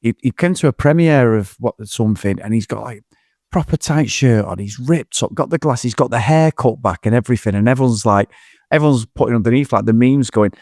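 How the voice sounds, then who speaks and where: A man's voice: mid-range voice, fairly quick, no echo, studio quality. Rambling man reviewing a film. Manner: rambling, animated, swears freely. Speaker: podcast co-host. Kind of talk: casual film review chat.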